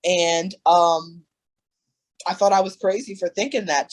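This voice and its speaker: A woman's voice: mid-range voice, lively intonation, a little slow, rough recording. Earnest young woman, emphatic and frank. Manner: earnest, emphatic, with many fillers and restarts. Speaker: coaching client. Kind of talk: candid conversation.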